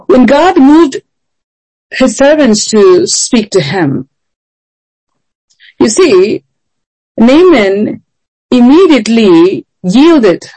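A woman's voice: medium pitch, dark tone, low-quality recording. A woman preaching a sermon in an earnest, emphatic way, often asking rhetorical questions.

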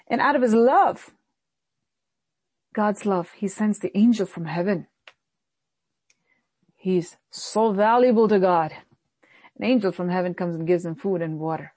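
A woman pastor preaches at a mid pitch in an earnest sermon style. She often sinks lower and quieter to press a point home. The sound is dry and close, with little room in it. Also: unhurried, pauses often, no room sound.

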